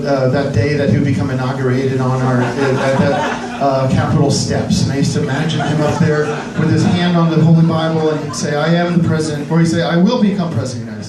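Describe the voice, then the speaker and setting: A man doing deliberately awkward stand-up comedy, halting and stumbling through his jokes with many restarts and ums. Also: on the high side. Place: live comedy club with audience. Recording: echoey live club recording from far off, loud crowd.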